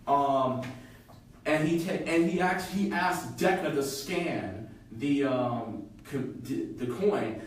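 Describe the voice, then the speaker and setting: A man casually retelling a fan fiction story on a podcast, halting and full of fillers. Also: mid-range voice, animated, slight background noise. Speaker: podcast co-host. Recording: echoey room, from far off.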